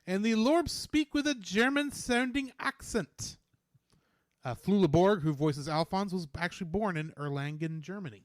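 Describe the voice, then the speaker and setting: A man's voice: high voice, no room sound, studio quality. A man co-hosting a podcast, reading out trivia and chatting casually in a playful way. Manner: reads out trivia, playful and quick-witted. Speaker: podcast co-host. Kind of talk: casual chat.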